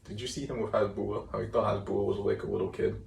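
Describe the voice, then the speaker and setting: A man's voice: on the low side, little pitch movement, fast, vocal fry, darkish tone. A young man co-hosting a casual podcast, laid-back and swearing, easily amused. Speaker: podcast co-host and editor. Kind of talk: casual chat. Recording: roomy room, mic at a distance, faint noise.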